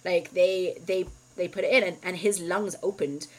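Animated woman telling a story. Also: on the low side, normal speed, poor audio. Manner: animated storytelling, heavy use of "like", swears freely. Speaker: podcast co-host. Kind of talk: casual chat, storytelling.

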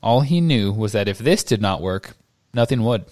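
A man co-hosting a podcast, reading a novel aloud in a steady, measured way. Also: lowish voice, dry recording. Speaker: podcast co-host.

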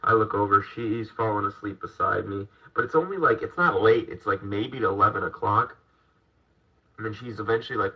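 A man's voice: fairly low pitch, moderate pace, breathy edge. A man hosting a casual chat, telling a rambling anecdote with wry asides. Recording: distant dull mic.

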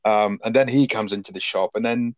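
A man's voice: on the low side, no room sound, highs cut off. A man, co-hosting a casual film review chat and swearing freely as he talks. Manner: sweary, animated, quick-talking. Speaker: podcast co-host.

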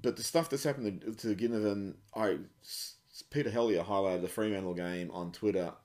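A man's voice: fairly low pitch, fairly quick, a little mellow. A man co-hosting a casual sports podcast, blunt and sweary as he rants. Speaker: podcast co-host.

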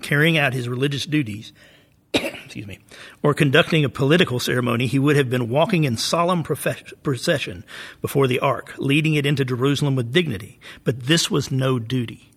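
A man's voice: mid-range voice, a little fast, a bit bright, slightly rough. A man with a Southern US accent discussing scripture in a casual Bible study conversation, often adding "right?" and laughing easily. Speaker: co-host of a Bible study podcast.

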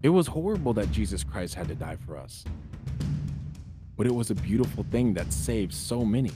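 A man's voice: on the low side, animated, normal speed, over music. A man hosting a podcast, delivering an earnest, sermon-like spiritual monologue that exhorts listeners as brothers and sisters. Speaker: podcast host.

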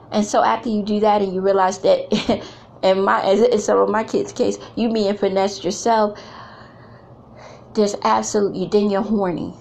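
Blunt, gravelly-voiced middle-aged woman. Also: medium pitch, moderate pace, slight background noise. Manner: emphatic, preachy, blunt slang. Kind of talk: candid talk to women.

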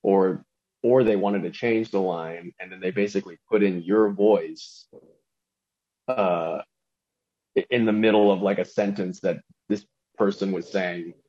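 Low-voiced man in loose podcast chat. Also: fairly even intonation, unhurried, warm tone, highs cut off. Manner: rambling, drops into celebrity impressions. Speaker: voice actor guest.

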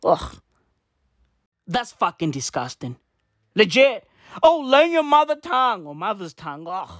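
A woman's voice: mid-range voice, big pitch swings, measured pace, a bit bright, dry recording, clean studio sound. A woman delivering a profane, sarcastic comic rant as a vlogger. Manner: profane, sarcastic, exasperated ranting.

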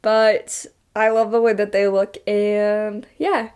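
A woman's voice: mid-range voice, level tone, slow, a little mellow, smooth. Upbeat young woman saying "like" often. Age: young adult. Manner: upbeat, says "like" a lot. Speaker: podcast co-host. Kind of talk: casual podcast chat.

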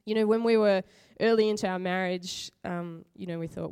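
A middle-aged woman preacher talks her way through a sermon like a friendly chat. She laughs easily and pokes fun at herself. Her voice is smooth and clear. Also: medium pitch, steady tone, normal speed, darkish tone. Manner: chatty, laughs often, self-mocking. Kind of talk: conversational sermon with personal stories.

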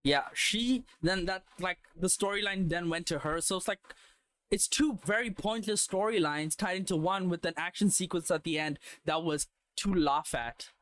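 A man's voice: sits high, moderate pace, fairly bright tone, no echo. A man in casual chat about movies, blunt and opinionated, swearing heavily.

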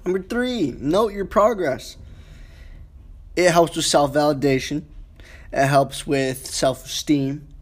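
A man's voice: slow, pauses often. A man hosting a casual self-help podcast, rambling through a numbered list with lots of "you know" and restarts. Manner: rambling, repeats words, frequent "you know"; wide swings in pitch, drops low and quiet at asides. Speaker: podcast host.

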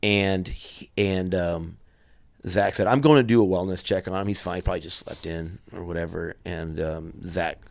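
A middle-aged man telling a personal story in an earnest, halting way, often restarting his sentences. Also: low-pitched, fairly even intonation, creaky, no room sound. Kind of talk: candid conversational storytelling.

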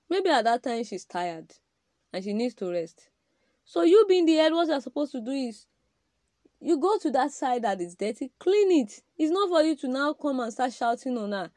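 A woman with a fairly high, warm voice delivers an emphatic, preaching-style podcast talk about marriage. She speaks directly to men, firing off repeated rhetorical questions, and the recording is dry.

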